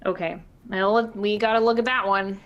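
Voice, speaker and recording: A woman's voice: mid-range voice, fairly even intonation, moderate pace, lo-fi sound. A woman playing a tabletop game, talking casually and a bit hesitantly. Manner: hesitant, self-deprecating. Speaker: player.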